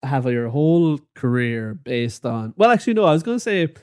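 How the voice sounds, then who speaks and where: A man co-hosting a football podcast in casual chat, laughing often and swearing in relaxed banter. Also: medium pitch, normal speed, clean tone. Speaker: podcast co-host.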